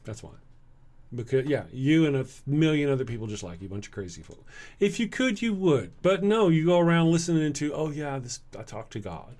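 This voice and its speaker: A man's voice: fairly high pitch, lively intonation, a little fast, a little mellow. Tired, blunt Southern American man. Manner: blunt and sarcastic, clears throat often. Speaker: livestream host reading chat. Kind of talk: casual livestream chat.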